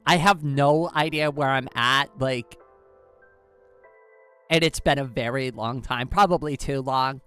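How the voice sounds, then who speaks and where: A woman chatting casually on a live stream, excitable and giggly, saying "like" a lot. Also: very deep voice, a little slow, pauses often, smooth, soft background music.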